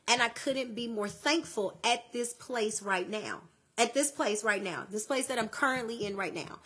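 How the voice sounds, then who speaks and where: A young woman from the southern United States hosts a faith-based podcast monologue. Her voice is bright with a husky edge, and she is lively and conversational as she preaches to her listeners. She keeps calling them in close, like she is talking to a friend. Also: a little high. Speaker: podcast host.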